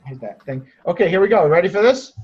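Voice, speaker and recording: A man's voice: sits high, very animated, fast talker, breathy edge. A man coaching sellers on a group call, direct and encouraging, often restarting his sentences. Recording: muffled lo-fi audio.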